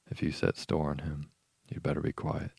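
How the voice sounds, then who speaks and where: Sullen young farmhand, read by a man; very low, husky voice. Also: completely flat delivery, moderate pace, darkish tone, dry recording, heavily acted. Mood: surly. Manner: surly retorts.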